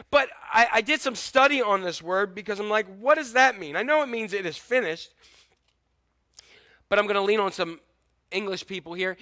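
A man preaching a sermon as pastor, swinging between loud urgent exhortation and hushed, intimate lines. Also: sits high, no room sound, clean studio sound. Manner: repetitive emphatic exhortation.

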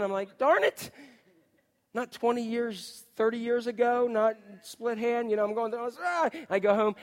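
A middle-aged man, a pastor, delivering a sermon built around a funny personal story, playfully mimicking other people's voices. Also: high voice.

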